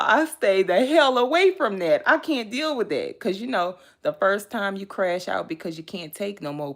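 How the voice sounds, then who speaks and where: A woman who reads tarot, ranting casually to her viewers in a blunt, animated way, swearing freely, laughing often and talking straight to them. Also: on the low side, gravelly. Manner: chatty, addresses viewers directly. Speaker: tarot reader. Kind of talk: casual vlog rant to viewers.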